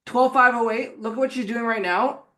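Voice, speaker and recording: The host of a live show breaks in to direct the guest and the viewers with quick instructions. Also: medium pitch, steady tone, bright, forceful tone.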